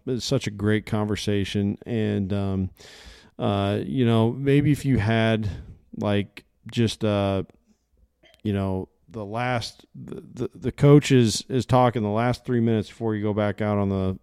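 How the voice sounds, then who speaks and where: A man's voice: on the low side, darkish tone, clean tone, no echo, clean studio sound. A man hosting a podcast, talking in an enthusiastic, rambling way. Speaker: podcast host. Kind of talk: casual podcast interview.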